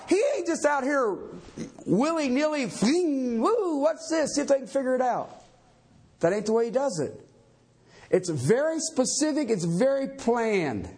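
A man preaching in a church, his voice very high and a little husky. He delivers the sermon with force and keeps throwing rhetorical questions at the congregation. His pitch climbs and drops all over the place as he drives each point home. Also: a little mellow. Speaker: pastor.

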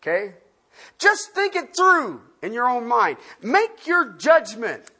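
Animated, unhurried Bible teacher with a husky voice; preaches with rhetorical questions and loud-to-quiet swings. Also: medium pitch. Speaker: pastor. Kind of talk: Bible-study sermon.

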